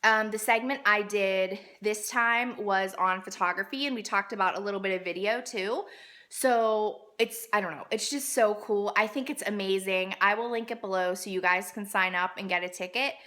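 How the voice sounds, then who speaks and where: Woman in her thirties, food blogger, bright voice, rambling with fillers, roomy echo. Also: mid-range voice, normal speed. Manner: chatty and rambling, many fillers. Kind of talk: casual vlog Q and A. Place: home room at night.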